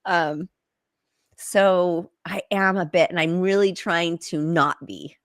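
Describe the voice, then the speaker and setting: A woman's voice: lowish voice, a little slow, no room sound. A middle-aged woman hosts a casual podcast chat, hedging and rambling with "like" and "you know." Her voice sits close and dry, with no room around it. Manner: chatty, hesitant, lots of "like" and "you know". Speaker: podcast host.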